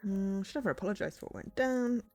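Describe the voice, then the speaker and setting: Chatty woman streamer with lively pitch. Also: fast talker, faint music behind. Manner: chatty, self-deprecating, reads dialogue aloud. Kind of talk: casual let's-play commentary.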